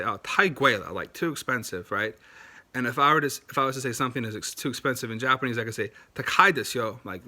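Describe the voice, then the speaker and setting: A young man with a bright, forward voice talks casually to camera, explaining as he goes. He rambles a little, stopping and restarting his sentences and padding them with fillers. His pitch sits in a plain middle range. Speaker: language-learning vlogger.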